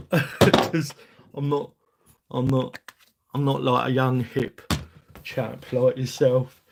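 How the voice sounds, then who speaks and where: Slow, gravelly London-accented man. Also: medium pitch, monotone, noisy background. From England. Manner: rambling, chatty, self-deprecating, talks to viewers while working. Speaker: streamer. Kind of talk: casual live-stream chat while working on a workbench.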